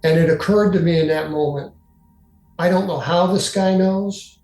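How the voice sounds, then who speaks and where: An older man recounting his own experience to an interviewer, in a halting way with many fillers. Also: high-pitched, a little mellow. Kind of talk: first-person storytelling. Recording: echoey room with faint music.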